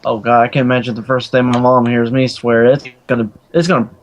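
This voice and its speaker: A man's voice: medium pitch, little pitch movement, fast, dull audio. A man chatting on a podcast, making wry, laughing remarks. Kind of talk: casual podcast chat.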